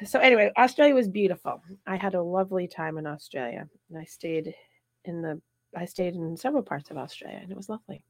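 A woman hosting a casual talk show, chatting and telling travel stories in an animated way. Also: lowish voice, fast talker, no room sound. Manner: chatty, animated storytelling with frequent laughs. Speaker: podcast host. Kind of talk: casual chat.

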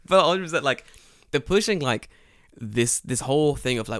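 Male podcast co-host, profane animated ranter, mid pitch, dry mic. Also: normal speed, no echo. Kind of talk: casual podcast chat.

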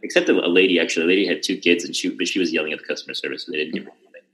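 A man's voice: low-pitched, steady tone, very fast, a bit bright, poor audio. A young man hosting a podcast, telling a long story in casual chat with lots of restarts and fillers. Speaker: podcast host.

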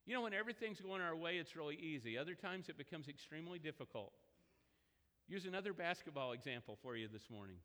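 Man, pastor, sermon, conversational storytelling, high-pitched, echoing church hall. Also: expressive, fast talker, sharp tone.

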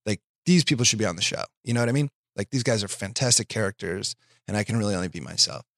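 A man with a lowish voice tells stories in a relaxed, self-deprecating way, swearing offhandedly. The sound is close and dry, with no room around it. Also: fast, dry recording. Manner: laid-back, profane, self-deprecating. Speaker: guest comedian. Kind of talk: casual storytelling chat.

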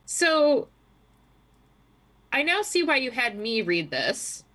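A woman's voice: high voice, sing-song, slow, fairly bright tone. A woman co-hosting a podcast, chatting casually and reading out news stories with a wry, amused manner. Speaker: podcast co-host.

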